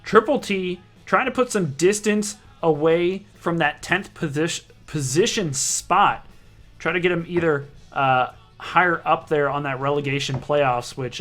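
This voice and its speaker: A man with a bright, forceful, fairly high voice calls a live online darts league broadcast. He banters casually, cracks jokes, and stops to fix his own slips as he reads through players and stats. Soft music plays faintly underneath. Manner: casual, joking, often corrects himself mid-sentence.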